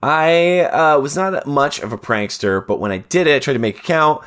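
A man in his thirties co-hosting a podcast in casual banter, jokey and quick to slip into goofy voices. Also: fairly high pitch. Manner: animated, jokey, breaks into goofy put-on voices. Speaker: podcast co-host.

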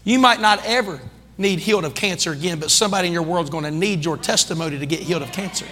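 A man preaching a sermon as pastor, calling out to the congregation and building into shouting. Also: high voice, quick pace, big-room sound, background noise. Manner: calls out to the congregation. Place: church sanctuary.

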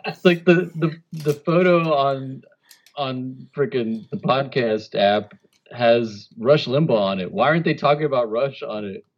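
A man co-hosting a podcast, reacting with laughter and quick questions. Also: medium pitch, lo-fi sound. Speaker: podcast co-host. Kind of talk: casual chat.

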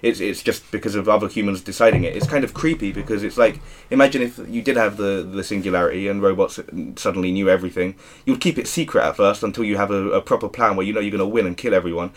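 A man co-hosting a casual podcast, rambling quickly and swearing freely. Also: lowish voice. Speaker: podcast co-host. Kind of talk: casual chat.

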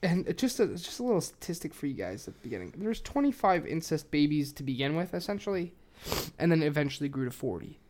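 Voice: mid-range voice, big pitch swings, quick pace, darkish tone. A podcast host, a little tipsy, telling a true-crime story in casual chat with heavy swearing and loose, filler-heavy delivery.

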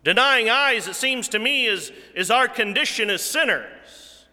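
Slow, bright-voiced preacher in a reverberant hall. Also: male voice, very high-pitched, animated. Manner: slow, deliberate preaching that swells louder then drops to a hush. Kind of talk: sermon.

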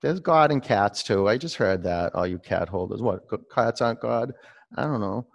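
A man's voice: mid-range voice, unhurried, vocal fry. A man leading a live-streamed yoga class, giving pose cues between rambling, laughing asides. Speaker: yoga teacher.

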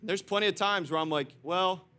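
High, bright-voiced preaching man. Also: moderate pace, soft background music. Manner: animated, swings from loud preaching to quiet storytelling; laughs often, talks to the congregation. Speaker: pastor. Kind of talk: sermon.

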